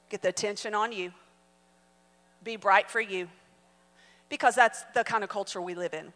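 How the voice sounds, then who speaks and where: A woman in her forties preaching as a guest speaker, telling a personal story. She swings from soft asides to loud exclamations. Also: mid-range voice. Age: 40s. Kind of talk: sermon with storytelling. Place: church auditorium. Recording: long hall reverb.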